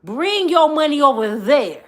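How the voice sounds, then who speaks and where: A woman vlogger telling a comedic storytime in an animated, slangy, joking manner, often laughing. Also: sits high, measured pace.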